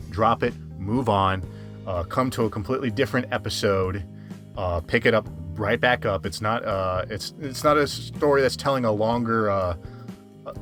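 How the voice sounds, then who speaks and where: A man with a somewhat low voice talks casually through a cartoon review and speaks straight to his viewers. He stumbles, repeats words and restarts his thoughts often, while faint music plays underneath. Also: fairly bright tone. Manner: rambling, frequent restarts and fillers; chatty, addresses viewers directly. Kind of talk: casual commentary over a speedpaint.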